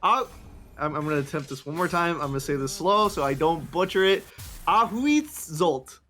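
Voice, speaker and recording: Upbeat male esports caster, fairly high voice. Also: quick pace, sharp tone, soft background music. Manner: chatty, hyping up the next game. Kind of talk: live play-by-play commentary.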